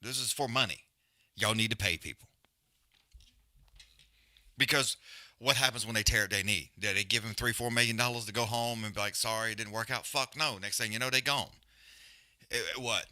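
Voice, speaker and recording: A man's voice: mid-range voice, normal speed, pauses often, sharp tone, no room sound. A man hosting a live fight-watch stream, ranting bluntly with heavy swearing and loose slang, then calling the action. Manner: rambling with restarts and trailing mutters. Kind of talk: profane casual rant and fight commentary.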